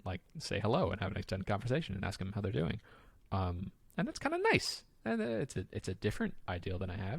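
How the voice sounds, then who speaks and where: A man co-hosting a podcast, chatting casually and telling stories with lots of fillers, getting excitable as he goes. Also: fairly low pitch, vocal fry, slightly rough, no room sound. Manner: animated, excitable storyteller with frequent fillers. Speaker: podcast co-host. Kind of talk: casual chat.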